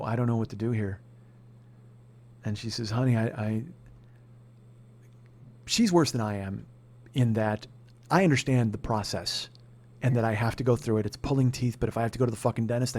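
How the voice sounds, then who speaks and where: A man in his forties hosting a comedy podcast, telling a long story in a casual, profane way that often climbs into shouted rants. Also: medium pitch. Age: 40s. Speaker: podcast host.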